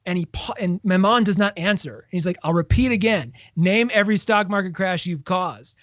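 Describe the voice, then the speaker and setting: A man with a notably high speaking voice co-hosts a casual book-club podcast. He retells scenes with energy, slipping into quoted dialogue. The sound is dry and close, with no room around it. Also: moderate pace, no echo. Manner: animated retelling, acts out quoted lines. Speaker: podcast co-host.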